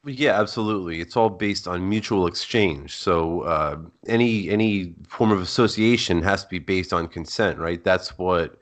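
A man who is a guest on a podcast, explaining his views in a measured way. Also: low voice. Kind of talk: explaining ideas in an interview.

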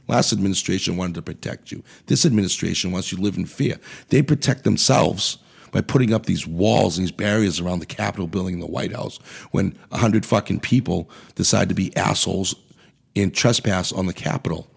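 A man with a very low, gravelly voice that has plenty of fry. He rants about politics on his podcast in a blunt, profane way. His tone is husky and rough throughout. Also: brisk. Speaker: podcast host. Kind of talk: ranting political commentary.

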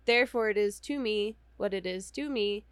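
A woman's voice: medium pitch, moderate pace, clear, resonant tone, dry recording. A woman co-hosting a podcast in casual chat, wry and playful, laughing often. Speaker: podcast co-host.

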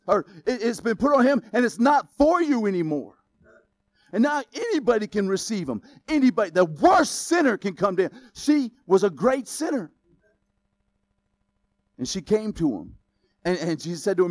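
High-voiced man preaching a sermon. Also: very animated, moderate pace, no room sound. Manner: casual, conversational preaching that builds to loud exclamations. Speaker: pastor.

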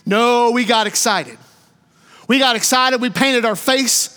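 A man preaching a sermon in a church, fervent, rising to shouts and then dropping low. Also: measured pace, clear, resonant tone, in a large hall. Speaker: pastor. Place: church sanctuary.

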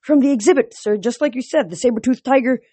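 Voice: mid-range voice, fast talker, mellow, husky, dry recording, pitched above the performer's own voice, lightly acted. Someone voicing a jittery henchman guard from a storybook reading, eager to please and scared of his boss. his voice is raised and a little anxious, recorded dry and close. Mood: timid.

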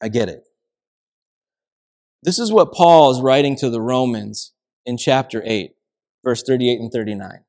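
A man's voice: mid-range voice, moderate pace, darkish tone. A man preaching a sermon as pastor, telling everyday stories in a conversational way. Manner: conversational storytelling with acted quotes.

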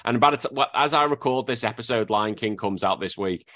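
A man hosting a casual podcast chat, talking animatedly and breaking into high-pitched impressions. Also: brisk, fairly bright tone, no echo. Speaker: podcast host.

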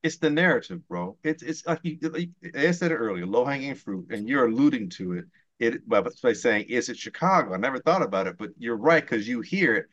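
A man's voice: mid-range voice, animated, a little fast, fairly bright tone, lo-fi sound. Fired-up man ranting about football. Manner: heated, ranting, swears often. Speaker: podcast co-host. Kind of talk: casual sports talk.

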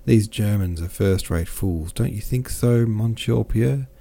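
A chatty French army captain, friendly and effusive, speaking in a low, dark, mellow voice that lifts a little with his cheer, as a male audiobook reader puts him on. He talks with easy warmth in a read-aloud classic novel. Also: measured pace, gravelly. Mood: cheerful. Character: cheerful, talkative French army captain, middle-aged man.

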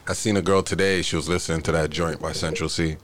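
Low-voiced guy running the show, easygoing, bit of background noise. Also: steady tone, quick pace, fairly bright tone. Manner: easygoing, repeats phrases. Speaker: podcast host. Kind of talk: casual chat.

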